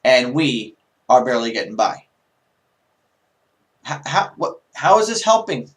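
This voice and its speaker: A man's voice: medium pitch, very animated, measured pace. A man giving a casual, emphatic political rant on his own video show, full of rhetorical questions.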